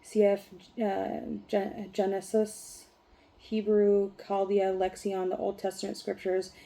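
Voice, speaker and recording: A woman vlogger who reads a text aloud haltingly and breaks off into rambling, profane talk. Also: mid-range voice, completely flat delivery, vocal fry, mellow. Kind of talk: reading aloud and casual ranting.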